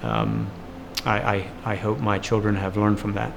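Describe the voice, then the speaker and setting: A middle-aged father speaking reflectively and haltingly about lessons from his father and grandfather. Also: on the low side, sing-song, vocal fry. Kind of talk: interview. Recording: long reverb, as if in a hall. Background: music.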